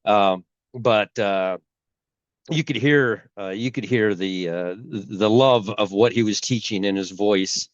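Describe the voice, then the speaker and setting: A man hosting a casual religious commentary video, rambling and halting, with a cold and a sore throat. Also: fairly low pitch, no echo, highs cut off. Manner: rambling, halting, many restarts. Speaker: YouTube host.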